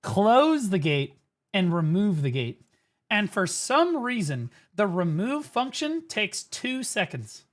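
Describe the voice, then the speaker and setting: A streamer man chatting over gaming clips in a lively, swinging voice that jumps up and down as he tells stories. He laughs often and swears freely, and his delivery is loose and casual. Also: high-pitched, takes it slowly. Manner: profane, laughing, animated storyteller. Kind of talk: casual reaction commentary.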